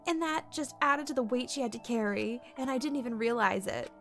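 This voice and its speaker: Woman reading a grieving schoolgirl: earnest, tearful, slightly high voice. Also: brisk, a bit bright, faint music behind. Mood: accusing, grieving. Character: distraught teenage girl athlete grieving a friend.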